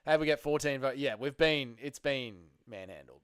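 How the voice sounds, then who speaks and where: A man's voice: a little high, big pitch swings, brisk, smooth, dry recording, studio quality. A man hosting a casual livestream, chatting loosely with his viewers and swearing freely. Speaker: livestream host.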